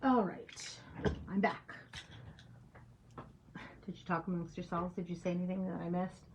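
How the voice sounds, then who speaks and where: A woman's voice: fairly low pitch, level tone, unhurried, a little mellow. A woman hosting a painting livestream, chatting with viewers and murmuring to herself as she works. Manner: chatty, drops to murmured whispers while working. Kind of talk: casual chat while painting. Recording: dull lo-fi sound with faint hiss.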